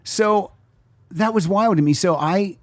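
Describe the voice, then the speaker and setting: A podcast host with a high-pitched voice shares anecdotes in casual conversation, acting out the voices of the people in them like an animated storyteller. He speaks at a measured pace, and there is no echo.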